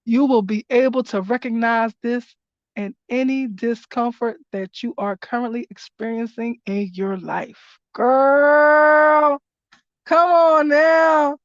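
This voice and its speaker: A high-voiced woman reads oracle cards on a live stream at an unhurried pace. She calls listeners honey and baby and breaks into loud, slangy exclamations. The audio is dry and dull, like a lo-fi stream. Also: dry recording. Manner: animated, exclaims loudly then reads slowly in a hushed voice. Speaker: spiritual reader hosting a livestream. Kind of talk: casual oracle card reading on a live stream.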